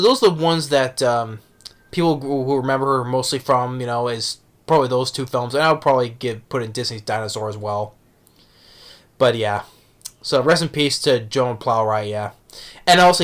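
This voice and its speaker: A man talking casually as a movie reviewer, halting with many restarts and fillers. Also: mid-range voice, a bit bright. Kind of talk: casual vlog talk.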